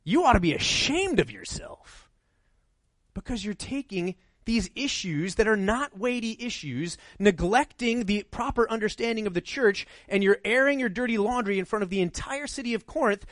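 High-voiced conversational male pastor. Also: animated, moderate pace, no echo. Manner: conversational, rhetorical, asks "right?" often. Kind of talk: sermon.

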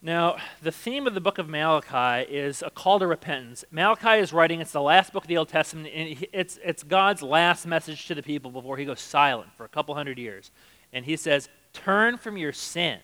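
A man's voice: a little high, fairly quick, bright, forceful tone, rough recording. A man preaching a sermon in a conversational way, reading scripture aloud and acting out the quotes. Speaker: pastor.

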